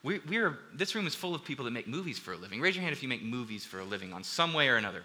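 Bright-voiced male pastor preaching earnestly. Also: medium pitch, very animated, rapid-fire. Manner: earnest preaching that builds to emphatic, rising passages; conversational asides with the congregation. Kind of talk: sermon. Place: church hall with a congregation.

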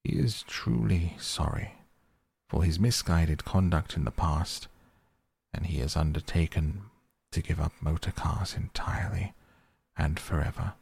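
A man with a deep, gravelly voice voicing a stern, solemn old male badger in a storybook reading, grave, firm and measured. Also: a little mellow, no room sound, heavily acted.

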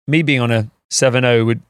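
A man's voice: medium pitch, dry recording, clean studio sound. Rambling man hosting a podcast. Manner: rambling, animated, laughs often. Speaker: podcast host. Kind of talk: casual chat. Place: outdoors in a garden.

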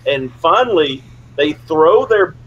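A middle-aged man hosting an interview, a former player himself, telling stories with animated, high-voiced quotes. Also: takes it slowly, lo-fi sound, a little hiss or hum. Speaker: podcast host, former player. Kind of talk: casual interview.

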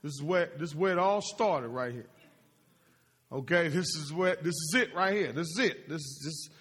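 A man's voice: on the high side, normal speed, a bit bright, husky. A man preaching a sermon, asking the congregation to answer and repeating his phrases for emphasis. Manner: call-and-response, questions to the congregation. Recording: long hall reverb.

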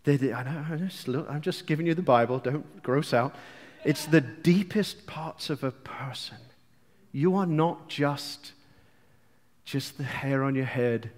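An English man preaching a sermon with passion, moving between hushed lines and loud outbursts, with playful asides to the congregation. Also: mid-range voice, a little slow, big-room sound. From England.

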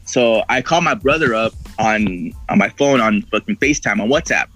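A man's voice: on the low side, expressive, normal speed, fairly bright tone, faint music behind, low-quality recording. A man telling a long story in casual chat, swearing a lot and acting out what people said. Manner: rambling, heavy swearing, acts out quoted voices. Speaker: podcast guest.

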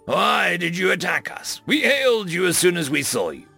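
A man playing a gruff, hot-tempered middle-aged human leader who barks commands. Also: on the high side, big pitch swings, moderate pace, sharp tone, soft background music, voice pushed up, exaggerated voice. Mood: stern. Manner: barking, commanding.

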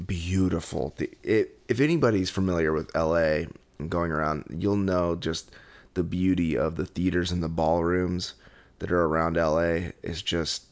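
Man, very low voice, gravelly, casual rambling storytelling, laughs often. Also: fairly even intonation, moderate pace. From Southern California. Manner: loose, laughing, rambling with many fillers.

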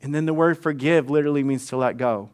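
A man's voice: on the high side, fast talker, a little mellow, smooth. A middle-aged male pastor preaching conversationally, often repeating words and acting out quoted dialogue. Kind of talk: sermon.

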